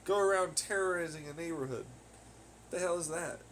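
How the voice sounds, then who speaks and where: A young man talks on his podcast in a loose, rambling way, full of swearing and sudden rants. His voice sits a little higher than most men's. Faint background noise sits under the recording. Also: brisk, fairly bright tone. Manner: heavy swearing, ranting. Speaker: podcast host. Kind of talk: casual rambling monologue. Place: home on laundry day.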